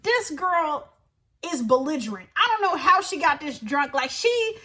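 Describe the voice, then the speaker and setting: A young woman in her twenties, telling an animated story to camera in a slangy, emphatic way and often laughing. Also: sits high, a little slow. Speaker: vlogger.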